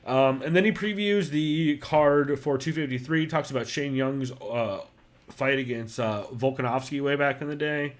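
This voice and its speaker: A man's voice: mid-range voice, normal speed. A man hosting a casual podcast, talking loosely with lots of fillers and swearing. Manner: loose and profane, many fillers. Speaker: podcast host.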